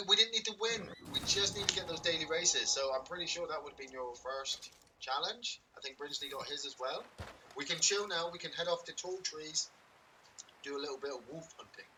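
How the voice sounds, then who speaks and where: A man rambles through a casual game stream, cracking jokes and swearing freely. His voice sits a little back from the mic, with a clear hum of noise underneath. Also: a little high, a little fast, sharp tone, distant mic, rough recording. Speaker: game streamer and podcast host. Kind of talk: casual gameplay stream chat.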